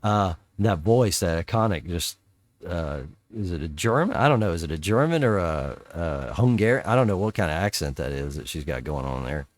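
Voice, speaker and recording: Middle-aged guy hosting a nerd podcast, lowish voice, dry close sound, rambles and cusses. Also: lively intonation, moderate pace, dry recording. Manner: rambling, swears casually, quotes scenes in voices. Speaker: podcast host. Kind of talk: casual chat.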